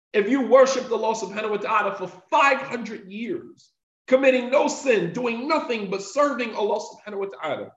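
Guy preaching, high voice, keeps repeating lines for emphasis, echoey slightly muffled sound. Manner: emphatic, repeats key phrases for effect; recites Arabic passages quickly between English explanation. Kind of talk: devotional talk. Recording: echoey, slightly dull recording.

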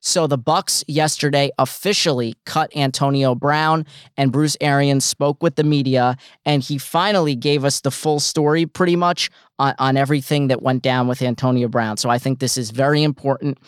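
Clear-voiced, emphatic sports host. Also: male voice, mid-range voice, steady tone, normal speed, no echo, studio quality. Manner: emphatic and blunt, repeating his points. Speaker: sports talk show host. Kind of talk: opinionated sports commentary.

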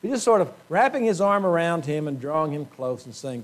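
A man preaching in a church with a somewhat high-pitched voice. He speaks earnestly, often pauses to clear his throat, and leans on rhetorical questions to his congregation. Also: big pitch swings. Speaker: pastor. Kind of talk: sermon. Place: church sanctuary.

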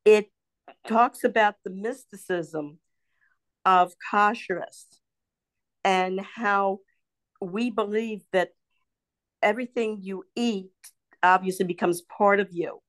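A woman's voice: medium pitch, slow pace, long pauses. An older woman with a Baltimore accent, chatting casually with her son and telling rambling stories full of restarts and laughs. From Baltimore area. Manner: rambling storyteller, laughs often, many restarts. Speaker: podcast co-host, mother. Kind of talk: casual family chat.

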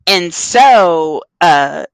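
A podcast co-host gossiping about celebrity news in casual chat, animated and quick to laugh. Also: mid-range voice, vocal fry, clear, resonant tone, dry recording. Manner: animated gossiping with frequent laughs and playful voices. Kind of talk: casual pop-culture chat.

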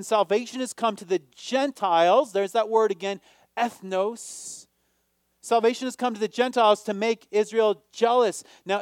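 A man preaching a sermon, asking his listeners questions and rising to near shouts on key points. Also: sits high, no room sound, studio quality. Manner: asks the audience questions.

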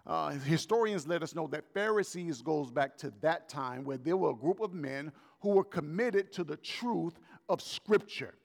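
A man preaching a sermon as pastor, swinging between loud raised lines and soft, slow emphatic words. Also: fairly high pitch, animated, vocal fry, long reverb tail. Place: church hall.

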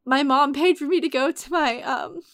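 A woman's voice: high voice, moderate pace, fairly bright tone. A young woman in her twenties chatting casually as a guest, using many fillers and close to tears as she talks. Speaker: guest telling her story. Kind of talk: casual podcast chat.

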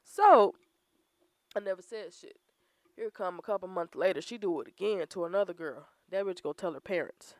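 A woman's voice: on the low side, normal speed, no room sound. A young woman bluntly telling profane stories in casual chat, laughing often.

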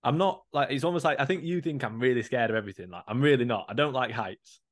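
A man's voice: medium pitch, quick pace. A young man telling stories in a casual chat. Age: young adult. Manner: chatty, storytelling with swearing and laughs.

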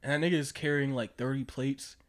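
A young man co-hosting a casual podcast chat, animated and profane, laughing often. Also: medium pitch, fast. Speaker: podcast co-host.

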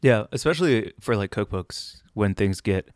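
A man's voice: on the low side, lively intonation, moderate pace, a little mellow, no room sound, clean studio sound. A man co-hosting a casual podcast chat, telling stories in a laid-back way. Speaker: podcast co-host.

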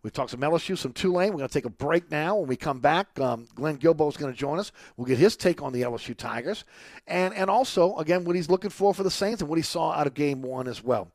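A man's voice: on the high side, animated, fast talker, a little mellow, dry recording. A man hosting a sports radio show, talking casually and reading ads with fillers and restarts. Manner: chatty, salesy, lots of fillers and restarts. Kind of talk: casual sports talk and live ad reads.

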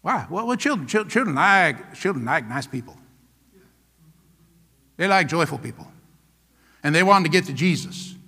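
A man pastor preaching a sermon, animated and playful, acting out little scenes and laughing along. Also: a little high, normal speed, long pauses, slightly rough, in a large hall.

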